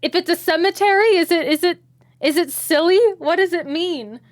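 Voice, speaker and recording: An American woman hosting a reaction video, chatting casually and asking curious questions out loud. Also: extremely high pitch, normal speed. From United States. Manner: curious, asks many questions aloud, laughs often.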